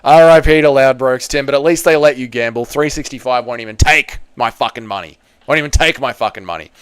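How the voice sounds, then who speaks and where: A man's voice: medium pitch, a little fast, clean tone, no echo. An Australian man hosting a casual live stream, rambling, joking and swearing freely while reading chat. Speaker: livestream host reading chat.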